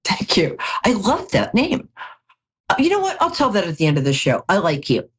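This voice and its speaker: A woman's voice: mid-range voice, wildly swooping pitch, normal speed, breathy edge. A middle-aged woman reading tarot cards on a live call-in show, chatty and jokey, with storytelling asides. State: tired from lack of sleep. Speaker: psychic tarot reader.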